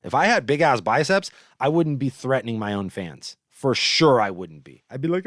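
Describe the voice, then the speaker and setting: A man's voice: mid-range voice, normal speed, hardly any pauses, dry recording, clean studio sound. A man hosting a show, telling stories in a casual, profane, rambling monologue. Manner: profane, animated storytelling. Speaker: host.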